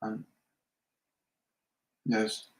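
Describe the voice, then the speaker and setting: A man hosting a live medium Q&A, relaying messages and leading slow guided breathing in a gentle, repetitive way. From Canada. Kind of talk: live-stream channeling Q&A. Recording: echoey room.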